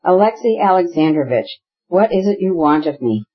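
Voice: mid-range voice, lively intonation, moderate pace, husky, lo-fi sound. An audiobook reader voicing a guilty, frightened young noblewoman who speaks timidly and hesitantly. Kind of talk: audiobook character reading.

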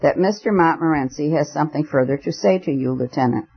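A man's voice: on the high side, quick pace, breathy edge, highs cut off. A man voicing a suave young male amateur detective who speaks in a sleek, sardonic way.

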